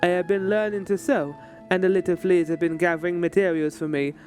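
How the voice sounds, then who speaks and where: A man voicing a grand, chirpy flea caravan leader in a high put-on voice with a flamboyant attempted accent and formal old-style phrasing. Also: little pitch movement, brisk, a little mellow, soft background music, lightly acted.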